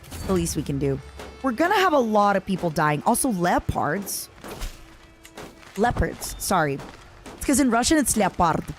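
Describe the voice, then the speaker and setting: A woman's voice: medium pitch, big pitch swings, brisk, faint music behind. A young adult woman streaming a strategy game, chatting casually and reacting dramatically to events and her chat. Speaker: VTuber streamer. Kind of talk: casual gameplay commentary.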